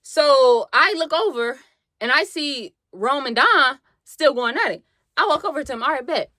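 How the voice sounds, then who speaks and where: A young woman telling a story on her vlog, animated and slangy with plenty of swearing, acting out what people said. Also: high-pitched, measured pace, no echo. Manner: animated, slangy and profane, acts out quotes. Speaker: vlogger.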